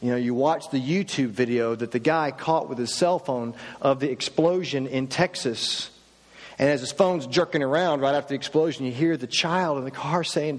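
A man's voice: medium pitch, moderate pace. Man preaching in a reverberant hall. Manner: rhetorical questioning, rising emphasis. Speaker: pastor. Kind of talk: sermon.

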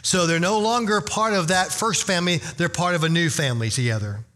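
Middle-aged male pastor, conversational sermon delivery, bright tone. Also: high voice, a little fast. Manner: conversational storytelling, animated and emphatic.

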